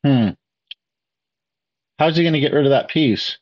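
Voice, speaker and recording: A man's voice: fairly high pitch, unhurried, dull audio. A man hosting a chess video, explaining moves step by step and asking viewers questions. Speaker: chess video host reacting to a lesson. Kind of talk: casual commentary to viewers.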